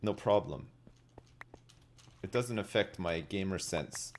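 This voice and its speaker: Slow-talking man joking with chat. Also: low voice, animated. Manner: joking, rambling, talks to chat. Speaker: livestreamer. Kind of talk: casual live-stream chat while gaming. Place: home gaming setup.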